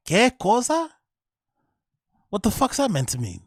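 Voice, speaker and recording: A man's voice: high-pitched, very animated, normal speed, pauses often, dry recording, clean studio sound. A man hosting his own show, swearing and ranting in disbelief as he reacts to clips. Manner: profane, incredulous ranting. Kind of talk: casual livestream commentary.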